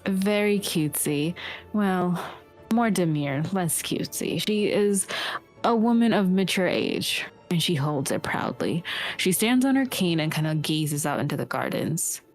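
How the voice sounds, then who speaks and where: A woman's voice: lowish voice, animated, measured pace, faint music behind. A woman narrating a tabletop game as game master, rambling and hesitant with many fillers.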